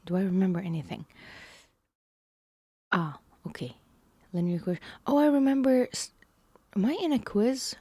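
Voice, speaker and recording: A woman's voice: medium pitch, very animated, moderate pace, pauses often, mellow, no echo. A woman live-streaming herself working through math lessons, musing aloud in a hesitant way and sometimes dropping to a whisper.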